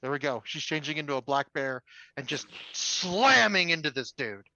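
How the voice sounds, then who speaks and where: A man's voice: a little high, expressive, normal speed, sharp tone, no echo, dull audio. A man playing a tabletop game, eagerly and playfully describing his character. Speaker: player.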